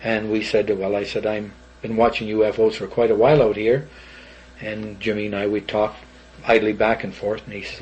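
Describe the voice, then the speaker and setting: A man's voice: on the low side, flat delivery, moderate pace, a little mellow, lo-fi sound, slight background noise. An older man, rambling animatedly through an old story as an interviewee.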